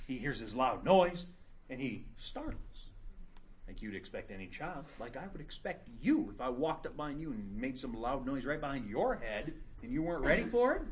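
A man's voice: medium pitch, slight background noise. A man teaching a psychology class, telling the story with jokes and dramatic gasps. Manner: lively, joking, animated storytelling. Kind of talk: classroom lecture. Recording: echoey classroom from far off.

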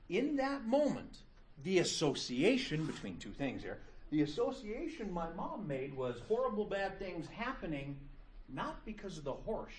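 A middle-aged man lectures a classroom in a casual, joking way, swinging his pitch up and down as he tells stories. A faint room hum sits under his voice. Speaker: teacher.

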